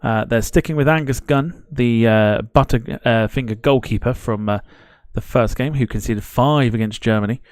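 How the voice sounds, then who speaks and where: A man's voice: medium pitch, normal speed, hardly any pauses, no echo, clean studio sound. A man hosting a live football watchalong stream, chatting casually, greeting viewers in the chat and laughing at himself as he rambles.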